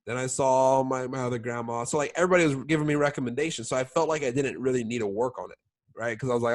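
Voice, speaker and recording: Speaking fast in a medium pitch, a young man gives his sales team a laid-back coaching session. Filler words, especially "like," are everywhere, along with frequent "all right?" check-ins.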